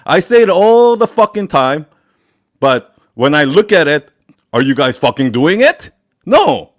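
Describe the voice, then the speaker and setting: A man's voice: fairly high pitch, big pitch swings, unhurried, no echo, clean studio sound. A man hosting a live Q&A, lecturing bluntly and heatedly with lots of swearing and many restarts. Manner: blunt, profane, heated tough-love lecturing; rambling with many restarts and fillers. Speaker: host of a live Q&A. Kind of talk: live stream Q&A talk.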